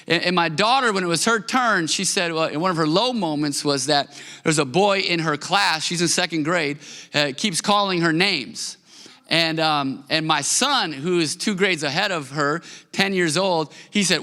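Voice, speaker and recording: A man in his thirties preaching a sermon as a pastor, animated and conversational, often repeating words. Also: a little high, normal speed, in a large hall. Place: church hall.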